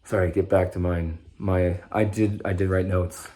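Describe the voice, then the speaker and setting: A man's voice: low-pitched, flat delivery, moderate pace, warm tone, slight background noise. A young man talking in a casual, rambling monologue about his own recovery, swearing freely and often breaking off mid-sentence. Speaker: vlogger sharing his recovery story.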